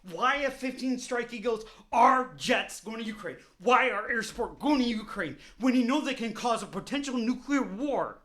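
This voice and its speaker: Fired up guy cussing nonstop in a vlog rant, kinda high voice, keeps repeating himself. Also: moderate pace, few pauses, fairly bright tone. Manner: heated, profane, repetitive ranting. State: openly angry. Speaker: vlogger. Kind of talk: angry political rant to camera.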